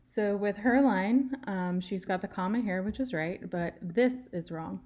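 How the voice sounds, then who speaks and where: A woman's voice: mid-range voice, measured pace, a little mellow. Woman patiently explaining writing rules. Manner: patient, explains step by step, stresses key words. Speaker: writing teacher. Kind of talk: screen-share writing tutorial.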